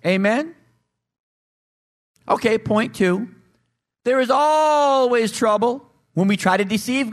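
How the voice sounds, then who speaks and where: A male preacher in full sermon, his voice pitched high and swinging widely as he speaks. He keeps putting questions to his listeners and slips into acted voices for the people in his story. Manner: animated, acts out voices and asks the congregation questions.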